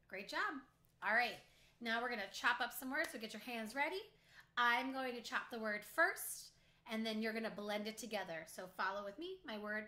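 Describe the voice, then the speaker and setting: A woman teacher leading a phonics lesson for young children, clearly sounding out words letter by letter. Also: on the high side, normal speed, pushed and bright. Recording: echoey room.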